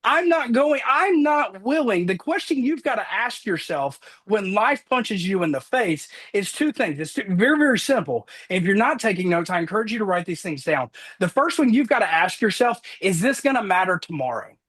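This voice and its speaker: A man giving a fervent motivational talk, slowing down and rising for emphasis. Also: high-pitched, big pitch swings, husky. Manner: fervent, preacher-like, swings loud and slow for emphasis. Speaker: top-producing insurance agent, guest.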